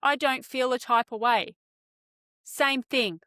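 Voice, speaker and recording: A woman in casual podcast chat tells a story with animated energy. She swears freely and keeps checking in with "right?". Her voice sits a bit high and sounds smooth and clear, recorded dry and close. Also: takes it slowly, no room sound. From Australia.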